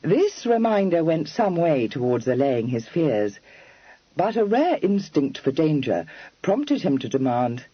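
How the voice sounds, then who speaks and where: A male audiobook narrator reads in a measured way, with a lively, fairly high voice that carries a husky edge. The recording is dry and close, with a slightly dull sound. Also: no room sound. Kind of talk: scripted narration.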